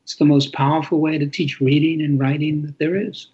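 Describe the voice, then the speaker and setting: An older man, an author being interviewed, who tells stories in an animated way and acts out quoted lines. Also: a little high, a little fast, breathy edge, dull audio. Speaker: author guest. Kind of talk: interview conversation.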